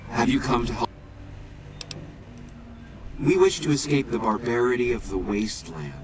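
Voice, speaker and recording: A man voicing a calm, earnest ghoul leader in a video game, speaking in a measured, solemn way. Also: mid-range voice, slight background noise, close to an everyday voice. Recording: quiet game audio under music.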